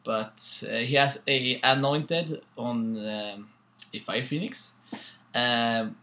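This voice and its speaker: Young Swedish guy with a Swedish accent and a bright voice, stop-start tabletop commentary. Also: mid-range voice. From Sweden. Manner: halting, many fillers, laughs at own jokes. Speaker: co-host. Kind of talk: casual battle report commentary.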